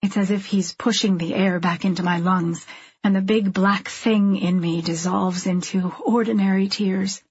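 A woman reading first-person fiction in an intimate, measured, confessional way. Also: medium pitch, steady tone, breathy edge, no room sound, highs cut off. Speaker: audiobook narrator. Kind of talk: scripted first-person narration.

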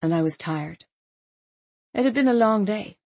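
Husky woman narrating a novel. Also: mid-range voice, expressive, unhurried, darkish tone, no room sound. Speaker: audiobook narrator. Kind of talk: first-person novel narration.

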